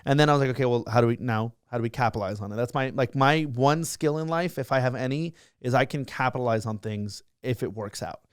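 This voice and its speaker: A young man rattles through his stories at a rapid clip, piling up fillers and restarts. His voice sits at an ordinary pitch. The sound is dry and close. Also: smooth, no echo. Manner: fast, excitable, full of fillers and restarts. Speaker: guest, social media creator. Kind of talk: casual interview storytelling.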